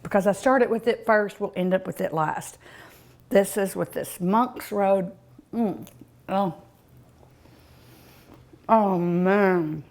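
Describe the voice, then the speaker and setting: A woman's voice: medium pitch, slow pace, pauses often, darkish tone. A woman hosting a cooking show, tasting food in casual commentary, savoring each bite with delighted hums and exclamations.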